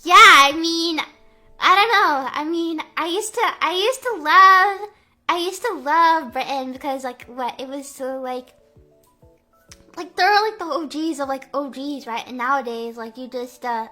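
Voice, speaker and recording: A woman livestreamer with a very high, bright and crisp voice chats casually, rambling and joking with plenty of "like" and "um". Faint music plays softly underneath her talk. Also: takes it slowly. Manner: rambling, full of "like" and "um"; playful, jokey. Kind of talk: casual chat.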